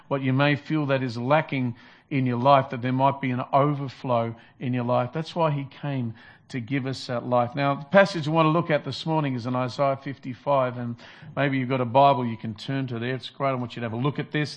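A man preaching a Sunday sermon, earnest and repetitive, building to emphatic calls. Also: medium pitch. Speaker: pastor.

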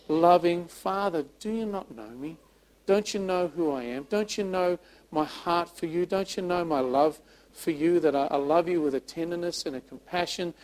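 A man's voice: high-pitched, normal speed, natural voice. A preacher voicing God as a tender loving father. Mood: tender, pleading. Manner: gentle pleading questions, repeated words.

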